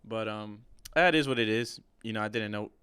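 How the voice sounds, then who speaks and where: Young male podcast co-host, low and even, smooth tone, dry close recording, rambling sports enthusiast. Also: moderate pace, no echo. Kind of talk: casual sports chat.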